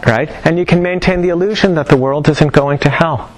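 A man's voice: fairly high pitch, fairly quick, rough recording. Man lecturing with chatty wry asides. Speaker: teacher of Chinese medicine. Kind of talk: informal lecture to a class.

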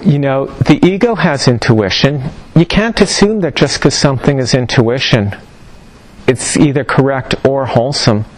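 A man's voice: mid-range voice, moderate pace, poor audio. Middle-aged male lecturer, conversational and wry, loose teaching style with storytelling asides. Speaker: teacher of Chinese medicine. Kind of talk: informal lecture to a class.

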